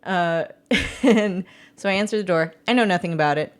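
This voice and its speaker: Low-voiced woman in casual chat. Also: normal speed. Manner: laughs often, reacts warmly. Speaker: podcast co-host.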